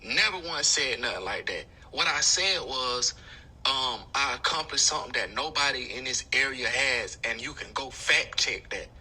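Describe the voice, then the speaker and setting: A man's voice: medium pitch, lively intonation, normal speed, sharp tone, breathy edge, rough recording. A man arguing back defensively in blunt, slangy talk. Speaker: rapper in a feud. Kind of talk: defensive argument.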